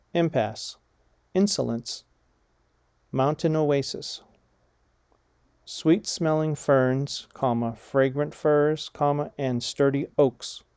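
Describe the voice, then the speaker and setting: Guy slowly reading out vocab words, calls out the commas and hyphens, mellow voice, dead dry room. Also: mid-range voice, dry recording. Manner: measured, deliberate, reads words and punctuation aloud. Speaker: vocabulary reader. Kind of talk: slow dictation of vocabulary words and phrases.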